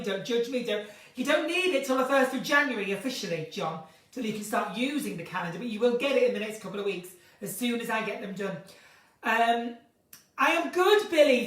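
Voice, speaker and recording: A woman hosting a casual live chat from her kitchen at home, theatrical and chatty, swinging between bright exclamations and low asides. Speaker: live-stream host chatting with viewers. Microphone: phone or webcam in a live stream. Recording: roomy, distant from the mic.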